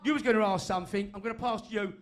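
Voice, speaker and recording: Fiery high-voiced man. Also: fairly even intonation, rapid-fire. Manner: fiery, sweary, repetitive. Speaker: fan group speaker. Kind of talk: impassioned speech to a meeting. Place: meeting room with audience.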